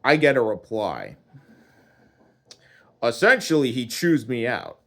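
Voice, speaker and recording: Man, comic monologue, slow, rambling, deadpan, swears a lot. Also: mid-range voice. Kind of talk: comedic first-person character monologue.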